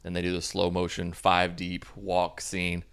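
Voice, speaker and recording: A man's voice: sits low, completely flat delivery, a little slow, vocal fry, fairly bright tone, clean tone. Sarcastic young man recapping a movie. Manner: sarcastic and mocking. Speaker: movie reviewer.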